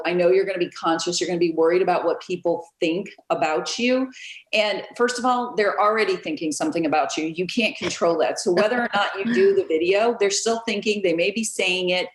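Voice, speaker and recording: A woman realtor, a guest on an interview, telling stories in a lively casual way and acting out what others said, over a video call. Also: fairly low pitch, fairly quick, roomy sound, poor audio. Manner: animated, storytelling, acts out quotes.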